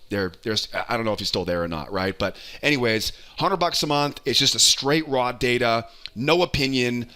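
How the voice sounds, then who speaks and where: A man teaching a trading lesson over charts, energetic and repetitive, often checking in with a quick "right?". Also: medium pitch. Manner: energetic, punctuates points with a questioning "right?"; repeats phrases for emphasis. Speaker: trading educator. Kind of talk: live chart walkthrough lesson.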